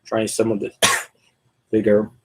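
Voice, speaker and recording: A man's voice: fairly low pitch, monotone, slow pace, a little hiss or hum. A man on a casual live stream who thinks aloud as he assembles a toy figure. He rambles and fills his talk with "like" and "and all that".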